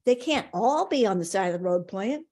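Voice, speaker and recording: A woman's voice: medium pitch, expressive, moderate pace, darkish tone, lightly acted. A woman voicing a puzzled male shopkeeper in a folk tale, rambling in bewilderment. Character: puzzled old country shopkeeper, man.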